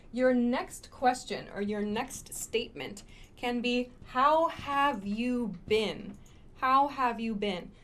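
A woman teaching spoken English phrases, modeling each one clearly and patiently and explaining it step by step. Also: fairly high pitch.

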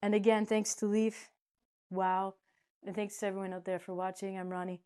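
A woman teaching an English pronunciation lesson in a playful, chatty way, now loud, now soft. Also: mid-range voice, little pitch movement, moderate pace. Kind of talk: casual spoken lesson.

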